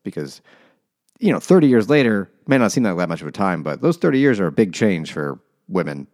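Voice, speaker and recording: A man's voice: deep voice, sing-song, fairly quick, a little mellow. A man co-hosting a casual, joking book discussion, swearing and laughing as he talks.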